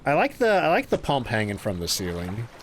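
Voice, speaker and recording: A man's voice: mid-range voice, wildly swooping pitch, brisk, slight background noise. A man streaming a game live, reacting with goofy jokes and sudden exclamations and thanking his chat. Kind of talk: live gameplay commentary.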